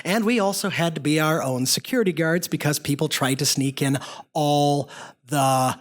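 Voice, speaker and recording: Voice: medium pitch, moderate pace. A storyteller performing a story live in a pub, chatty and self-mocking, with frequent asides to the audience.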